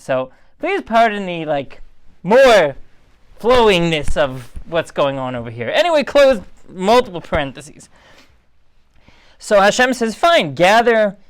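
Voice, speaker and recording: A man's voice: fairly high pitch, smooth. A tired man giving a casual, rambling Torah talk as a rabbi, in a conversational and digressive way.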